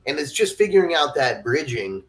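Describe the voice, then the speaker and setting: Over a remote call mic, a podcast host with a voice on the high side chats casually at a moderate pace and is very animated. He swears freely and stacks fillers like "you know" and "like."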